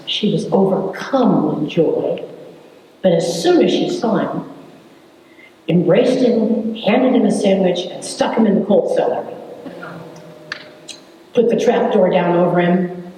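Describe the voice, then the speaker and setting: A woman in her seventies telling her family's story to an audience, wry and unhurried, with dramatic pauses. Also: medium pitch, dark tone, slight background noise. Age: 70s. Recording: echoey hall from far off.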